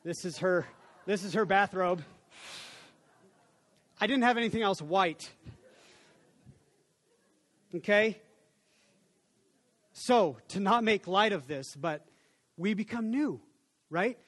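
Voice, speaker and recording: A man's voice: sits high, expressive, slow pace, pauses often, fairly bright tone. A man preaching a casual sermon as a pastor, talking conversationally with many restarts and acting out people's inner voices.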